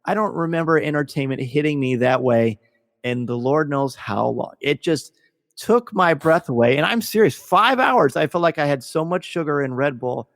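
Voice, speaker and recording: A man hosting a casual podcast discussion, gushing and excitable as he tells a story. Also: on the high side, normal speed, creaky, dry recording, clean studio sound, in a large hall. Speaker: podcast host.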